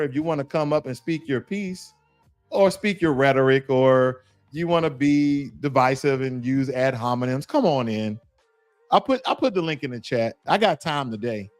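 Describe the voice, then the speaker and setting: A man hosting a livestream reads chat comments aloud in a fairly high voice with no echo. In a taunting way, he keeps goading one commenter to join the call, over and over.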